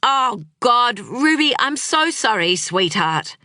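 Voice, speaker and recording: Frazzled guilty dad, woman reading it, jumpy and apologetic, bright tone. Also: sits high, sing-song, unhurried, dry recording, studio quality, voice pushed up, full character voice. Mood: upset, apologetic. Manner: outbursts swinging to apology. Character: frazzled, guilt-ridden young father, agitated.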